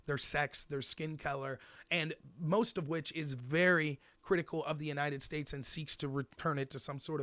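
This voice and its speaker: A man hosting a solo commentary show, talking at a rapid clip in a fairly high voice. He rants with animated energy and slips into mock quotes. The sound is dry and close, with no room echo. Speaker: host. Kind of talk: commentary monologue.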